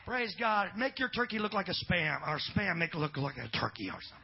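A middle-aged pastor telling a story in a folksy sermon, dropping in amens and swinging between loud and hushed. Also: male voice, high voice, sing-song, fast, vocal fry. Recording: dull lo-fi recording with faint music.

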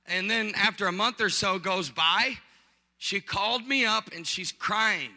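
A male pastor telling a story in a sermon to his church, animated and joking, rising to shouts. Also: high-pitched, measured pace, long reverb tail.

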